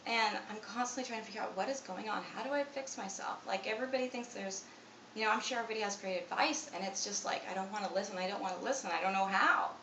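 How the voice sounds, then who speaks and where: A woman's voice: medium pitch, fast talker, fairly bright tone. Anxious woman in her twenties, echoey room. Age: 20s. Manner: anxious, self-critical, rambling with many fillers. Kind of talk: confessional vlog monologue. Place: room at home. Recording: echoey room, mic at a distance, faint ambient noise.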